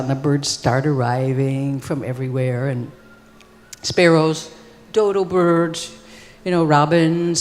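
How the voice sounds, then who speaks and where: A woman's voice: deep voice, darkish tone, a little hiss or hum. A woman telling an ancient tale on stage at a live festival, in a casual, rambling way full of "like" and "you know". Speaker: storyteller. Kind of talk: live storytelling performance. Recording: long reverb of a live hall.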